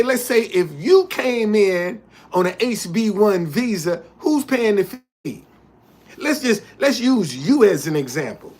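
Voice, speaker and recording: Man, livestream host, heated, repetitive, slow-paced, a bit high. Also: lively intonation. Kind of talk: casual livestream talk.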